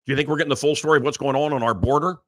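A man hosting a live talk show from a small studio, ranting in an animated, mocking way. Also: on the high side, racing. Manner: animated, mocking, mimics voices. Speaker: radio host. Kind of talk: ranting monologue.

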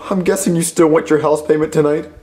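A man's voice: a little high, fairly even intonation, fast talker, a little mellow, faint music behind, natural voice. A man doing a stammering, panicky dad. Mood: pleading. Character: flustered middle-aged father Mario. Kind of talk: comedy puppet sketch.

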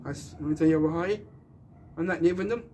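A man's voice: on the high side, fairly quick, darkish tone, a little hiss or hum. A man delivering a rambling, defiant rant in a slightly raised voice. He hammers his points and circles back to them with insistent emphasis.

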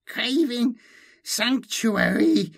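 Man voicing a hissing inhuman hybrid woman, clipped broken speech, high strained tone, slow. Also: lively intonation, gravelly, husky, full character voice. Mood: hissing, wary. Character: female assassin disguised as alien hybrid.

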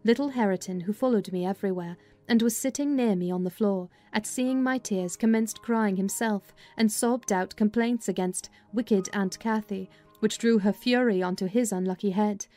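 A woman narrating a dramatized audiobook of a classic novel, with a measured, expressive storytelling manner. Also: medium pitch, soft background music.

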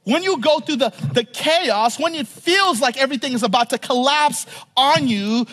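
A male pastor delivering a sermon, often pausing to ask the congregation to finish a phrase, repeating and restarting words, and swinging from emphatic to hushed. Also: extremely high pitch. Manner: asks the congregation to fill in words, frequent "right?"; stumbles and repeats words while talking freely.

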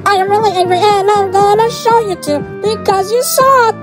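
Hot-tempered cartoon nun, woman voicing, high, sing-song, crude; music under it. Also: brisk, natural voice. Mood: angry. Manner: crude, shouty, sing-song comedic ranting. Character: hot-tempered young woman nun, preachy and easily angered. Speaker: fan dub voice actor. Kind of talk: comedic amateur fan dub.

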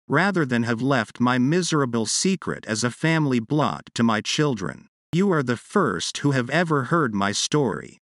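A man playing a desperate, ashamed gentleman prisoner. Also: medium pitch, no room sound, clean studio sound. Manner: pleading, emotional.

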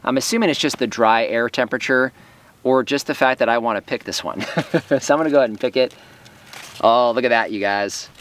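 A man's voice: medium pitch, quick pace, a bit bright. A man casually narrating a farm vlog outdoors, explaining as he walks, with frequent fillers. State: a little out of breath. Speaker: farm vlogger.

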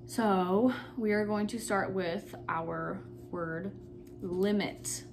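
A woman's voice: mid-range voice, steady tone, very slow, vocal fry, slight background noise. A young woman teacher giving a recorded phonics lesson for children, patiently repeating and sounding out each syllable.

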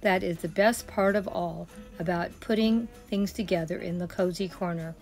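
Older lady chatting thru her decor video, friendly, soft music behind. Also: fairly low pitch, steady tone, normal speed. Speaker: home decor creator. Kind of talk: casual decorating vlog.

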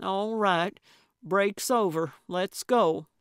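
A woman narrator voicing a brusque, stubborn old woman sleuth, pitched a little higher and louder than her narration, with a bossy, emphatic delivery. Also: very slow, clear, resonant tone, no echo, clean studio sound. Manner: bossy, emphatic, slightly raised voice.

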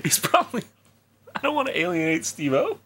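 A man co-hosting a casual gameplay show, talking loudly and profanely, excitable and quick to break into laughter. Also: sits high. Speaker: co-host.

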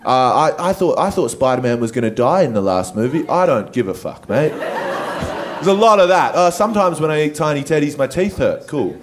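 A young adult man with an Australian accent doing stand-up comedy, conversational and animated, with a lot of swearing. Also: a little high, a little fast. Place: comedy stage.

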